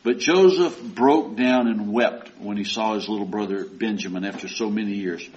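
A man's voice: fairly low pitch, normal speed, darkish tone, slight background noise. A man preaching a sermon and retelling a story in a folksy, conversational way. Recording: dull lo-fi recording.

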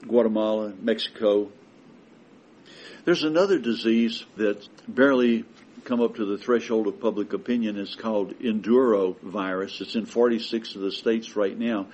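Husky guy preaching a sermon, gets loud and emphatic, punches his points. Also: fairly low pitch, low-quality recording. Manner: emphatic, building to forceful declarations.

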